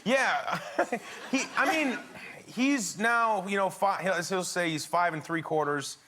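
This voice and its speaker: A man's voice: high-pitched, slow. A man as a chat show guest, telling a family anecdote with lots of laughter. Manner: laughing storyteller, animated. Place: TV studio with audience. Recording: studio audience laughter and noise.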